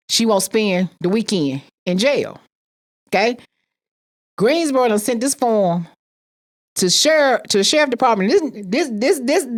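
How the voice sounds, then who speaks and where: A woman telling a personal story with emphatic repetition, acting out the people she quotes. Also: fairly high pitch. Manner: emphatic, repeats phrases, acts out quoted voices.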